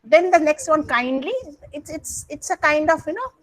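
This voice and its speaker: Through a rough video-call recording, a high-pitched woman with an Indian English accent talks at normal speed as she teaches English grammar online. In this coaching class she keeps coaxing students to respond, with plenty of fillers and frequent self-corrections.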